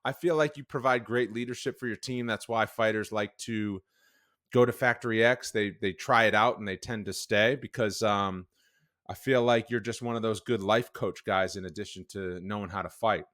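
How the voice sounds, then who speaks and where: A man's voice: lowish voice, normal speed, a bit bright, no echo, studio quality. A man hosting an interview podcast, asking long, wandering questions. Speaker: podcast host.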